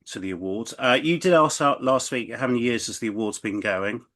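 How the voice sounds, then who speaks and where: A man's voice: medium pitch, expressive, brisk, a bit bright. A man co-hosting a podcast, chatting casually and stumbling through restarts and fillers as he tells a story. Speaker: podcast co-host. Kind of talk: casual chat.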